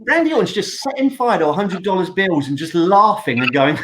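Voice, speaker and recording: Lively high-voiced jokey man. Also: fairly quick, noisy background. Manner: jokey, acts out silly voices. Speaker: podcast co-host. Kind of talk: casual chat.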